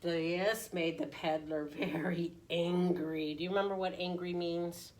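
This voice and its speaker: A woman preschool teacher reading a picture book aloud in an animated way, often asking the children questions. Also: lowish voice, measured pace. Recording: voice distant from the mic.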